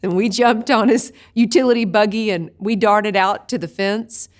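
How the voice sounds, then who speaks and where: A woman teaching a video Bible study, an expressive storyteller who slows down for vivid images. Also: medium pitch.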